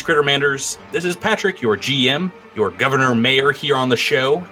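A man hosting a tabletop game podcast as game master, playful and quick to laugh. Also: mid-range voice. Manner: playful, laughs often, animated intros.

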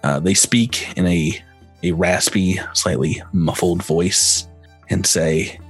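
A man narrating as game master of a tabletop game, laughing easily and halting with fillers. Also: low-pitched, fairly even intonation, slightly rough, faint music behind.

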